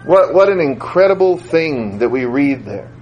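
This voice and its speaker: A man's voice: fairly high pitch, very animated, normal speed, a little mellow, muffled recording, slight background noise. A man preaching a sermon in a conversational way, repeating phrases for emphasis. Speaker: school teacher.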